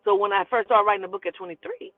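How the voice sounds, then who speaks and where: A woman's voice: mid-range voice, fast, no room sound. A woman in her forties telling a personal story in a blunt, profane, emphatic way, like a casual storyteller host. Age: 40s. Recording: tinny phone-like, dry sound.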